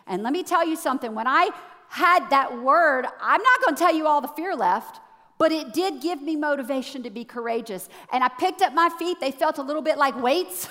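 A woman preaching a sermon to a church, animated, swinging between hushed, low passages and loud, excited ones. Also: moderate pace, in a large hall.

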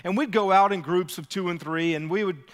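A man from Louisiana, preaching a sermon as lead pastor, energetic and rallying his congregation as he tells a story. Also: high-pitched, fairly quick, big-room sound. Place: church.

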